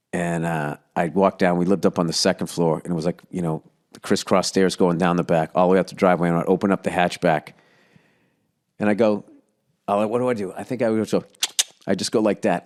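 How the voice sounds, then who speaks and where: A man with a somewhat low voice tells a casual story as a podcast host. He rambles, full of filler words and the odd swear word, and sounds fond as he looks back. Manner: fond and reminiscing.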